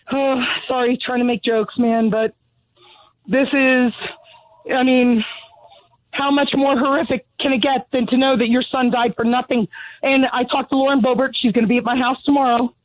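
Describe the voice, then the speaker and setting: A woman's voice: high-pitched, little pitch movement, normal speed, no room sound. Furious breathless woman on a tinny phone line. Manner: furious, blunt, sarcastic. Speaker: caller. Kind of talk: call-in radio rant. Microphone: telephone.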